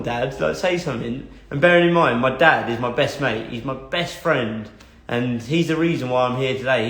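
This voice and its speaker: A man's voice: mid-range voice, a bit bright. A young man telling a personal story as a motivational talk, earnest and blunt, swearing and repeating phrases for emphasis. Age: young adult. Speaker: motivational speaker. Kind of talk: motivational monologue. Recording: echoey room.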